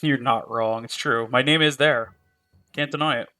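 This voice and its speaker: A man's voice: mid-range voice, steady tone, normal speed, pushed and bright. A man streaming a game live, chatting casually in a profane, joking, rambling way. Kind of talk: casual chat while playing a game live.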